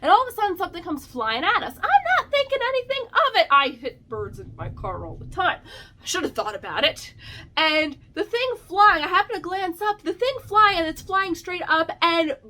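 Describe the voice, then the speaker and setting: A woman in her thirties hosts a vlog and tells a story in an animated, casual way, packed with fillers and frequent laughter. Her voice is very high-pitched and moves a little fast.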